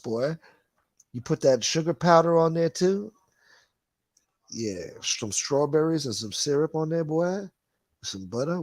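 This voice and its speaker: With a mid-range, darkish voice and no room sound, a man hosts a livestream where he reads chat comments aloud. He riffs on them in casual, profane, rambling talk full of wisecracks and calls people "boy."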